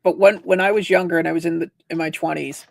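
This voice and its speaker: A man's voice: a little high, fairly even intonation, fast, vocal fry. A man hosting a casual livestream chat, telling long rambling stories and acting out the people in them. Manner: rambling storyteller, acts out quoted voices. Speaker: livestream host.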